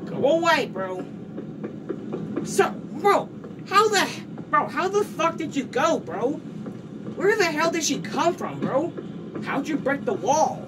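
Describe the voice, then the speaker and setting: High, animated, swearing woman gamer. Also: takes it slowly, pauses often, recorded from a distance, background noise. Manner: frantic, swears a lot, repeats "bro". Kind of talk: casual gameplay commentary.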